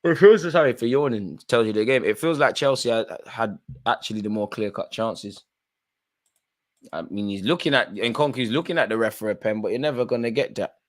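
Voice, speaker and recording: A man's voice: mid-range voice, a little fast. A man hosting a live football watchalong, calling out players by name and bantering in casual slang. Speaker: watchalong host.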